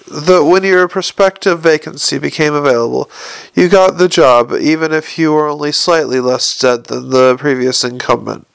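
A man's voice: on the high side, creaky, clear, resonant tone, no room sound, rough recording. A man narrating an audiobook in a dry, wry storytelling manner.

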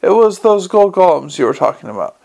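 A man's voice: high voice, very animated, a little fast, vocal fry, darkish tone, full character voice. A man voicing a cheerful old ghost professor.

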